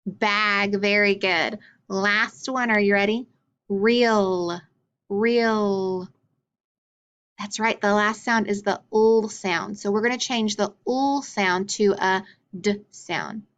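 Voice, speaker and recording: A woman teaching a phonics lesson, sounding out letters and sounds clearly and drawing them out. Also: medium pitch, steady tone, unhurried, a bit bright, muffled recording. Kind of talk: slow, deliberate phonics lesson.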